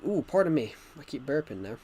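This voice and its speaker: A man's voice: medium pitch, very animated, a little fast, a little mellow, a little hiss or hum. A man streaming gameplay live, rambling chattily and answering chat messages, his nose bothered by hay fever.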